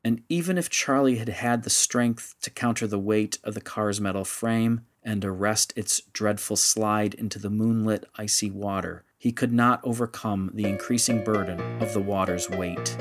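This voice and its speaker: Low-voiced man narrating a story. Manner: measured, steady storytelling. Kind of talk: audiobook narration.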